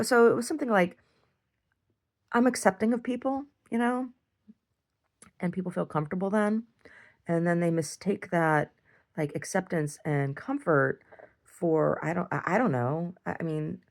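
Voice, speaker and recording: A woman talking bluntly and profanely in a rambling diary monologue, with many restarts and small chuckles. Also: fairly low pitch. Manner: blunt and profane, full of restarts and "I don't know"; chuckles often. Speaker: video diarist.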